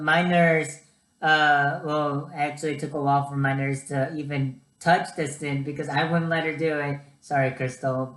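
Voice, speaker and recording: A young adult man, a student vlogger, offers casual advice in a voice on the high side, recorded in an echoey room. He's chatty and animated, telling stories full of ums and uhs.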